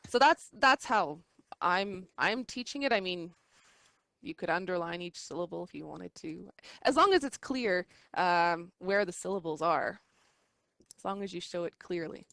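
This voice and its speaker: A woman's voice: lowish voice, expressive, moderate pace, gravelly, a bit bright, dry recording. A woman teaching an adult English class, explaining step by step in a patient way with frequent ums and restarts. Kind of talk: recorded online class lesson. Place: classroom with online students.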